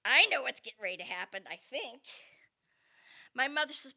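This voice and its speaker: A woman comedian telling a comic childhood story in an animated, expressive way. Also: sits high, moderate pace, creaky.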